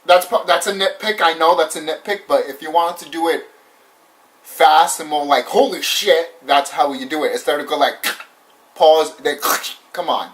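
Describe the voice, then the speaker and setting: A man's voice: fairly high pitch, normal speed. Ranting young man, slightly distant mic. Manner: animated, repetitive, swears often, laughs. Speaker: YouTube movie reviewer. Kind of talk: casual ranting review. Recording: voice somewhat far from the mic.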